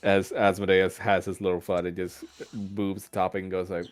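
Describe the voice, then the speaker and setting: A man narrating a tabletop game as game master, in a relaxed storytelling manner. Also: sits low, normal speed.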